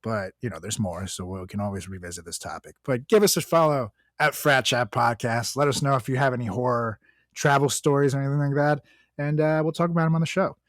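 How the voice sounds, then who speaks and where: A man's voice: mid-range voice, fairly quick, dry recording, studio quality. A young man co-hosting a podcast, ranting in casual chat, swearing freely and laughing often. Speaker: podcast co-host.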